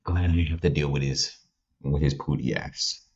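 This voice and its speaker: A man's voice: very deep voice, normal speed, slightly rough, lo-fi sound. A man who works as a teacher, chatting casually on a podcast in a blunt, profane, emphatic way. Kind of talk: casual chat.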